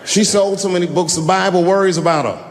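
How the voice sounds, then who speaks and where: A man's voice: steady tone, quick pace, in a large hall. A man performing a stand-up comedy set, telling stories and acting out the people in them. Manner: storytelling, acting out characters with big pitch swings.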